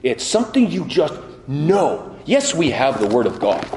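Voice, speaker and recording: A middle-aged man preaching a sermon, telling stories with lively quoted voices and frequent restarts. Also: fairly high pitch, measured pace, a little hiss or hum. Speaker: pastor. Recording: echoey hall.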